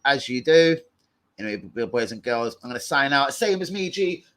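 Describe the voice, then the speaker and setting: A man's voice: mid-range voice, normal speed, a little hiss or hum. Young guy streaming, hyped casual chat, lots of slang and swearing, mid voice. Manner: excitable slang-heavy banter, swearing. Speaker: livestream host.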